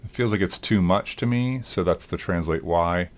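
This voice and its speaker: A male instructor with a deep, low voice walks through a software demo in a recorded lecture. He thinks aloud in an easygoing way. He often pauses on "um" as he works. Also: noisy background. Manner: thinks aloud, relaxed, with frequent ums. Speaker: animation instructor.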